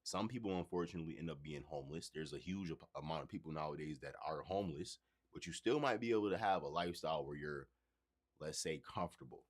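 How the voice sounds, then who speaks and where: Male streamer host with a very deep voice, loose and conversational, swears freely. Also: quick pace. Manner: loose, profane, conversational, addresses chat directly. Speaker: livestream host. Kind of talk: casual livestream monologue.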